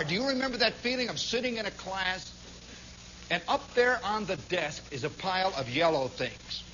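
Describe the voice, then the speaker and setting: A man telling a long personal story as a radio monologue, animated, swinging from hushed to shouting. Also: sits high, lo-fi sound, a little hiss or hum.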